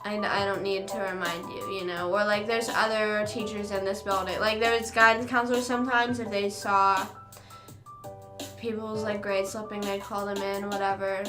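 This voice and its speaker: A young woman streamer chatting casually, rambling through a story with quick asides. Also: medium pitch, flat delivery. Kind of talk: casual chat. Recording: echoey room with faint music.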